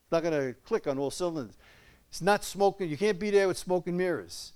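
A man's voice: high-pitched, fairly quick, darkish tone, clean tone. An older man preaching a conversational sermon, folksy and chuckling, often asking his listeners questions.

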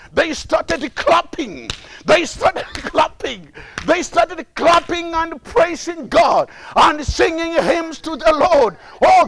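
A man's voice: extremely high pitch, a bit bright. A male preacher giving an emphatic sermon, repeating his phrases, laughing often and acting out crying prayers.

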